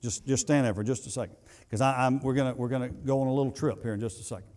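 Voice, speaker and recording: In a church sanctuary, a male pastor delivers a sermon that climbs to emphatic peaks and then falls to soft asides, with some halting repetitions along the way. His voice is medium in pitch and steady in tone.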